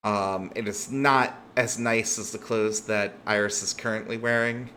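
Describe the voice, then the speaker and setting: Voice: medium pitch, steady tone, measured pace, pushed and bright, slight background noise. A game master narrating a tabletop game in a loose, descriptive way with plenty of fillers.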